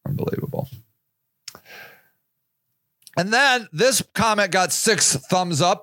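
Fiery, ranting man with a bright voice. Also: high-pitched, sing-song, slow, pauses often, dry recording, clean studio sound. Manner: ranting, shouting rhetorical questions. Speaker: podcast host and activist. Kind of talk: impassioned monologue.

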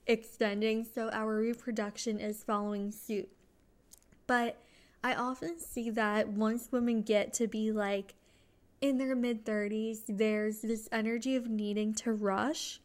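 A young adult woman hosting a solo podcast, talking in an earnest, chatty way with small restarts. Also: on the high side. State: excited, just home from work. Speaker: podcast host.

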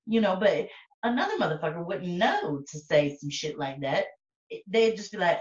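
A woman's voice: on the low side, big pitch swings, normal speed. A woman co-hosting a podcast in rowdy, profane casual chat, laughing often. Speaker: podcast co-host. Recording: echoey, distant, dull mic.

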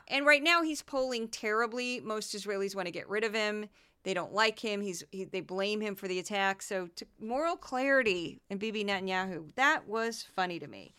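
Bright, crisp-voiced woman podcast host. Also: medium pitch. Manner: animated, sarcastic. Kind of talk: political commentary.

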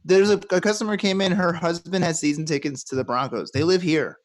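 A man's voice: fairly high pitch, a little fast. A man co-hosting a podcast in loose, joking, profane chat. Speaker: podcast co-host. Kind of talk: casual chat.

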